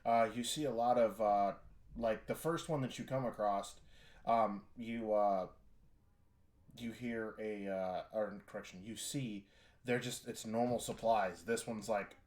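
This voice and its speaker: A man's voice: fairly low pitch, measured pace, a little mellow. A man narrating as game master of a tabletop role-playing game, with many fillers and restarts.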